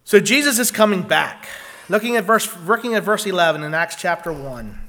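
A man with a high-pitched voice and lively intonation preaches a sermon earnestly and a little fast. He reads scripture aloud, shifting between loud, emphatic passages and quiet ones.

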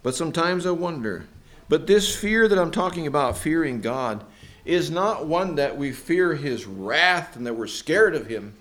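A man preaching a sermon, possibly, retelling a Bible story in his own words with lively voiced characters. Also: a little high, measured pace. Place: church.

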